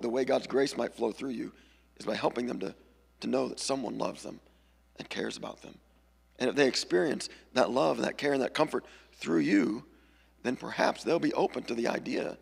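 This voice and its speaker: A male pastor gives a casual, storytelling sermon, now and then jumping into lively voices for the people in his stories. His voice is very gravelly and a little husky. The sound rings with the long reverb of a church hall. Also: medium pitch. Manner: conversational storytelling, animated character voices. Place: church sanctuary.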